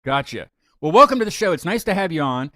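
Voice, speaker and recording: A man's voice: fairly high pitch, very animated, fast, bright, forceful tone, dry recording, clean studio sound. Rambling, chatty male talk-show host. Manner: rambling, chatty, many restarts and fillers. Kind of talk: casual live-stream chat.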